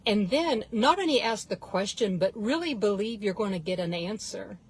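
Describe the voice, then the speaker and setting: A woman life coach telling a story to her viewers in an unhurried, earnest way, often calling them guys. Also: medium pitch, expressive, slightly rough, rough recording.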